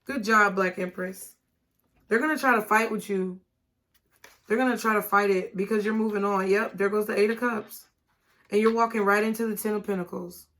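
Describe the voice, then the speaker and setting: A woman's voice: medium pitch, fairly even intonation, moderate pace, a bit bright. A woman giving a tarot reading and speaking straight to her viewers in an encouraging way. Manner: encouraging, direct address to viewers. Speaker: tarot reader.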